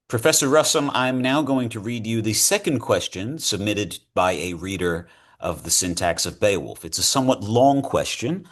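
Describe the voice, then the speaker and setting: Man, interviewer, lower voice, lively pitch, formal careful reading. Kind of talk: reading a question aloud.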